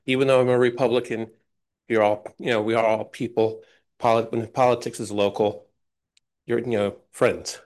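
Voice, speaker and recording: A man stands at the public comment microphone of a town council meeting and talks unscripted. He rambles, circling back and padding his points with fillers. His voice sits at an ordinary middle pitch. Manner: rambling, loose, many "you know" fillers and restarts. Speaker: resident speaking at public comment.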